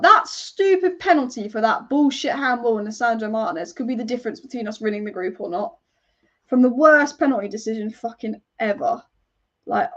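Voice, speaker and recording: Young woman, high-pitched, chatty fan host reacting live, casual swearing, slightly dull lo-fi sound. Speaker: football fan channel host. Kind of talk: live match watch-along commentary.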